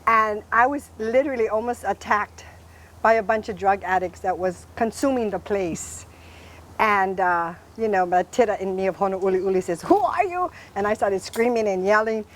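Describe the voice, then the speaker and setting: A middle-aged woman from Hawaii, hosting a casual talk show, exuberant and loud, laughing often. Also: medium pitch, steady tone, moderate pace. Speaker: host. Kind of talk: casual chat.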